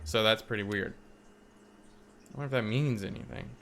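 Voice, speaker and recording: Man, casual game commentary, musing, rambling, bright tone. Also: on the low side, moderate pace, gravelly, slight background noise. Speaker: let's play host.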